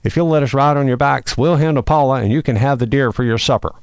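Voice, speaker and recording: A man's voice: medium pitch, quick pace, clear, resonant tone, dry recording, clean studio sound, close to an everyday voice. A man voicing a pack of sneaky, scheming weasels in a storybook read-aloud, sly and snarling. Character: sneaky scheming weasels, high-pitched and hissing.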